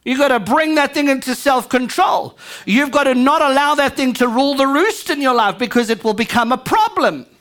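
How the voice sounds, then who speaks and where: High-voiced woman preaching with fire. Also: normal speed. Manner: energetic, calls out to the congregation. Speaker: pastor. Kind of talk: live church sermon. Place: church sanctuary.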